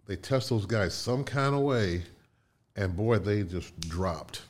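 An older man from Indiana, a guest in a casual interview, tells animated anecdotes with restarts and laughs. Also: fairly low pitch, slow pace. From Indiana, USA.

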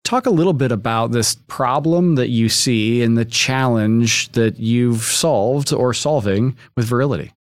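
A man hosting an interview podcast, speaking in a deliberate, emphatic way with drawn-out phrasing. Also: mid-range voice, no room sound. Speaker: podcast host.

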